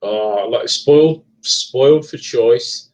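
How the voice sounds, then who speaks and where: A middle-aged man from England with a Leicester accent softened by years abroad, chatting as a podcast guest, hesitant and full of ums and restarts. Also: medium pitch, slow, faint music behind, low-quality recording. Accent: Leicester English, partly Americanized. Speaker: guest author and paranormal investigator. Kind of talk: casual live podcast chat.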